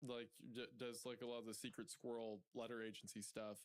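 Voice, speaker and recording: A young man chatting casually with friends, wry and teasing, who laughs easily while he tells a story. His voice sits at a middle pitch. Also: level tone, a little fast, clean tone. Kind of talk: casual chat among friends.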